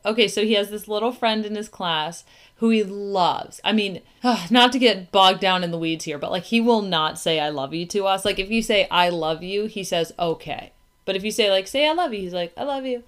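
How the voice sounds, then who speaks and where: A woman's voice: medium pitch, normal speed. A woman in her thirties chatting casually as a podcast co-host, filling her talk with "like" and acted-out quotes. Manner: chatty, lots of "like" and quoted asides. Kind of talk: casual chat.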